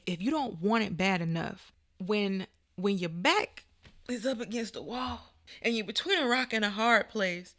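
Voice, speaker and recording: A woman's voice: mid-range voice, gravelly, a bit bright, dry recording, studio quality. A woman hosting a podcast and giving an emphatic, motivational talk in casual, colloquial speech, with preachy turns and playful asides. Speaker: podcast host. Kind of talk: motivational monologue.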